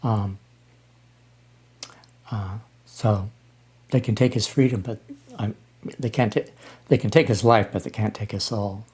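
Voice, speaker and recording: A man in his sixties talking casually as he reacts to music, halting with frequent ums and restarts. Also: fairly low pitch, steady tone, darkish tone, husky. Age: 60s. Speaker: reaction channel host.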